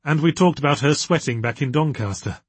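A nervous young woman speaks up in a higher, strained voice, as a male narrator puts her on. Her lines come out tense and earnest, with a slightly husky edge in a dry, close recording. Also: brisk, no echo. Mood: anxious. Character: nervous young woman, anxious but determined.

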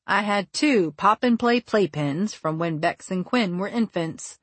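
A woman narrating a first-person story for an audiobook in a measured, wry and deliberate way, close on the mic. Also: mid-range voice, animated, dry recording.

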